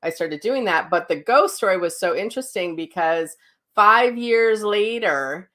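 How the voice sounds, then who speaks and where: A woman's voice: mid-range voice, measured pace. Chatty woman telling a story in a live class. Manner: chatty, animated, laughs while telling stories; reads out and answers viewer comments. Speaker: psychic medium teaching an online class. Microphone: livestream mic, sound sometimes cutting out.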